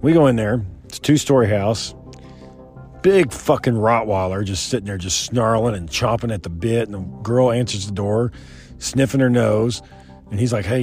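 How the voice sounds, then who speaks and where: A man's voice: on the low side, darkish tone. A young man telling a rambling, profane personal story, quoting others in his own voice.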